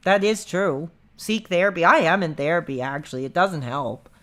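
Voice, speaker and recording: A man's voice: fairly high pitch, moderate pace, fairly bright tone. A man chatting casually on a live stream, rambling with lots of fillers and restarts.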